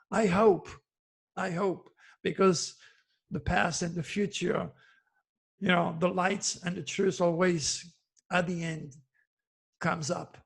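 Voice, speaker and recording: A man's voice: sits high, gravelly. A man in his seventies, an astrologer giving an impassioned, preachy monologue straight to his listeners and calling them his good friend. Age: 70s. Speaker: astrologer host. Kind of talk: direct-to-camera monologue.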